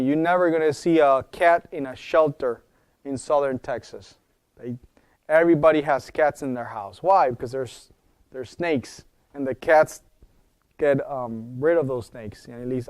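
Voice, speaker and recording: A man's voice: on the high side, clear, resonant tone, no echo, studio quality. A man teaching a wellness class in an informal, explanatory way and often checking in with his audience. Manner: explanatory, asks the audience questions. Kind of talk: informal lecture. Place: wellness center talk.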